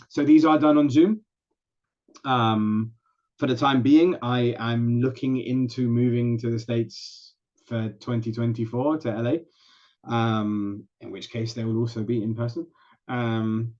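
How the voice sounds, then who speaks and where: A man's voice: mid-range voice, a little mellow, dull audio. A man with an English accent, a guest actor and dialect coach chatting at length over a video call. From England. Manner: chatty, explains at length with many restarts. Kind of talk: casual interview chat.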